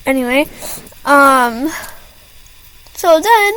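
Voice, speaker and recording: Teen girl vlogger, high voice, slow unhurried delivery, chatty and rambling, keeps apologizing mid-story. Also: expressive, a bit bright, poor audio. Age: teens. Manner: rambling with many fillers and restarts; apologetic asides. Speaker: student venting to camera. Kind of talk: casual rant.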